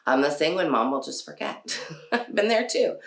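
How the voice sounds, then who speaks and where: A woman hosts a casual parenting podcast, chatty and full of fillers, laughing often. Her deep voice is animated at normal speed, and the room has a noticeable echo.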